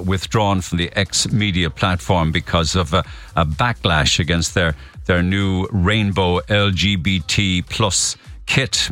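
A man hosting a radio talk show, going through the morning papers in a measured way with frequent hesitations. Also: deep voice, fairly bright tone. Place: radio studio. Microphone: close studio mic.

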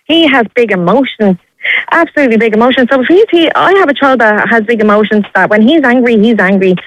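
A woman's voice: fairly high pitch, fast, dry recording, dull audio. A young Irish woman calling in by phone to a radio show, speaking earnestly and pleadingly with many restarts. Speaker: caller.

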